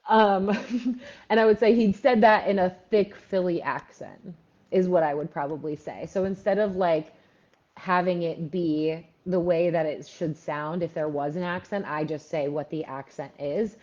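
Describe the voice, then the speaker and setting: Speaking in a fairly low, darkish voice, a woman from Philadelphia coaches writers during a livestream Q&A. Her answers to viewers are chatty and peppered with fillers, over dull lo-fi sound.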